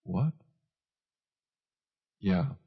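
A man's voice: very slow, muffled recording. A man preaching a conversational sermon, chuckling at himself now and then. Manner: conversational, with self-deprecating asides and chuckles.

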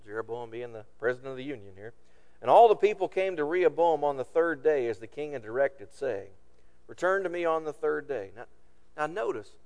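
A man's voice: mid-range voice, a little mellow, long reverb tail. A man preaching a sermon, reading scripture aloud and retelling it in plain everyday words.

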